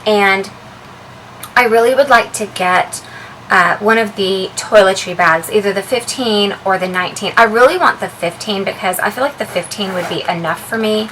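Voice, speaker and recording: A woman vlogger chatting casually as she shows the contents of her handbag, relaxed and full of ums and uhs. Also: medium pitch, moderate pace, a little hiss or hum, low-quality recording. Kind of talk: casual show-and-tell vlog.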